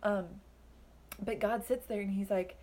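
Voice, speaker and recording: A woman's voice: mid-range voice, steady tone, measured pace, mellow, a little hiss or hum. A young woman giving a casual Bible study talk, chatty and full of fillers, acting out the lines she quotes. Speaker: Bible teacher.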